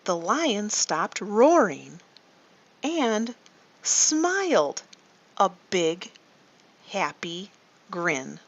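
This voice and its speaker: A woman leading a guided story meditation for children, slow and soothing, often asking the listener questions. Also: mid-range voice, sing-song. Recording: dull lo-fi recording.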